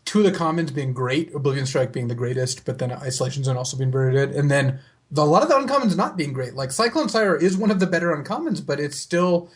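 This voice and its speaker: A man co-hosts a casual podcast, tossing in wry remarks. His voice sits fairly high. He talks very fast. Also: animated. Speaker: podcast co-host. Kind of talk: casual card-game podcast chat.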